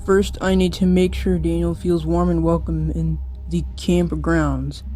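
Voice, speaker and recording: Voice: mid-range voice, level tone, measured pace, mellow, soft background music, lightly acted. A young reader voicing Kyle, a caring teen camp leader in a homemade story, speaking earnestly. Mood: friendly.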